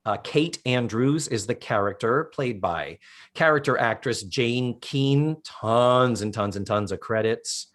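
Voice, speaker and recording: A man co-hosting a podcast, giving a casual, lively recap of a TV episode and swearing freely. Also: medium pitch, unhurried. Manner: animated storyteller, swears casually. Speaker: podcast co-host.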